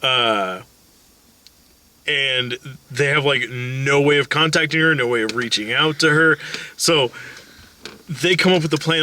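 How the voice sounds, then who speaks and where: Guy recapping a movie, lots of "like" and swearing, really bright sharp tone. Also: mid-range voice, measured pace, pauses often. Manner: rambling, profane, acts out quotes with many "like"s. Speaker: film review co-host. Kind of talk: casual chat, retelling a film's plot.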